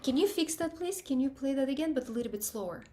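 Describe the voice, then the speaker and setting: A piano teacher gives encouraging feedback in an online group lesson, singing out rhythms to demonstrate passages. Her voice is high and fast, with lively intonation.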